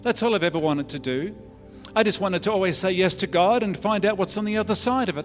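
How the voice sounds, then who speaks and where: Earnest Australian pastor in an echoey hall. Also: male voice, high-pitched, quick pace. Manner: earnest, conversational storytelling with many restarts. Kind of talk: sermon testimony. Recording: echoey church hall with faint music.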